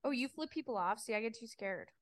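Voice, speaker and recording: A young woman co-hosting a casual podcast, laid-back and laughing often, throwing in quick quips. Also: a little high, expressive, dry recording, clean studio sound. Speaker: podcast co-host. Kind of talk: casual chat.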